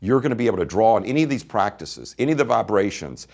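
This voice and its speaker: Guy teaching an online energy seminar, tells stories, really lively ups and downs in his voice. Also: lowish voice, fast talker, vocal fry. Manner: animated storytelling, emphatic. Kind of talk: live online seminar talk.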